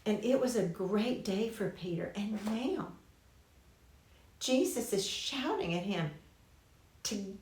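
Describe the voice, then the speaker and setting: A woman's voice: mid-range voice, lively intonation, takes it slowly, long pauses, a little mellow. A woman teaching a Bible lesson in a conversational way, restarting phrases and adding asides. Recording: roomy church classroom.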